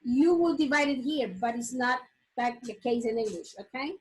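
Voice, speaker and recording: Woman teacher modeling words slowly. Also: high-pitched, rough recording. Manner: slow, drawn-out modeling of example words; frequent checking "okay?" with the class. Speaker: English teacher. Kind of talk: classroom lesson on pronunciation.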